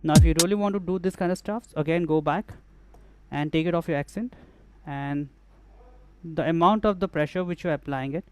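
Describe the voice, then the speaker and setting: A man's voice: a little high, a little fast. A man demonstrating music production gear in a tutorial, explaining step by step and often repeating phrases as he works. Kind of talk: hands-on software tutorial.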